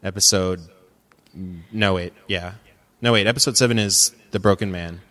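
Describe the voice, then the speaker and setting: A man with a fairly low voice co-hosts a relaxed podcast chat. He talks things through, corrects himself and laughs easily. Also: moderate pace. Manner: thoughtful, self-correcting, laughs often. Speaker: podcast co-host. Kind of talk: casual podcast discussion.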